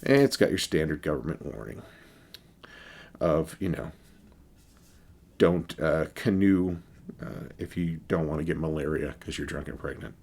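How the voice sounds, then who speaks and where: A man's voice: rumbling low, animated, a little slow, long pauses, darkish tone. A man casually reviewing a beer for his vlog, rambling and wry, with many fillers and restarts.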